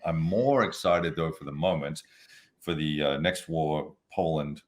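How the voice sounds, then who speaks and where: A man co-hosting a casual podcast chat, eager and halting with fillers. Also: extremely low pitch.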